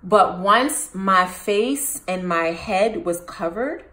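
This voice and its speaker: Animated woman telling a story, echoey room. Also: mid-range voice, slow. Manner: animated, addresses viewers with questions. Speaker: host. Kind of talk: personal storytelling to camera.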